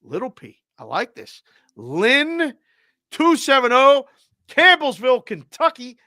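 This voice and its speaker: A male host on a live show, cheerfully reading out viewer shout-outs with names and area codes. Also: extremely high pitch, huge pitch swings, slow, no room sound, clean studio sound.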